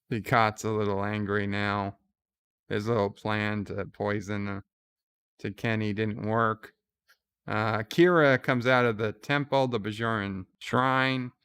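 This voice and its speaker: Slow, smooth-voiced man recapping a show. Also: lowish voice, steady tone, fairly bright tone. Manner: casual plot retelling with fillers and restarts. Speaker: channel host recapping an episode. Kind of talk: live reaction commentary, retelling scenes.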